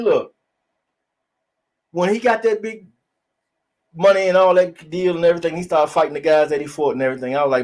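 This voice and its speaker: A man hosting a casual boxing talk show, blunt and profane, telling animated stories. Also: high voice. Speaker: podcast host.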